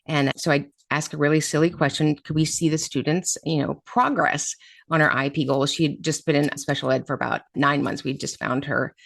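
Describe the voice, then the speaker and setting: A woman's voice: low-pitched, steady tone, brisk, creaky, dry recording. A woman hosting a podcast on special education, telling a story from a meeting in a direct and emphatic way. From Florida. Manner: direct, emphatic straight talk.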